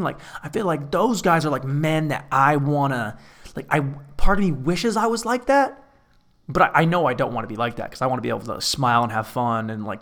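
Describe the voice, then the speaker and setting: A man's voice: medium pitch, fairly bright tone. A man alone in an empty apartment, talking through a rambling, profane comedic monologue full of restarts.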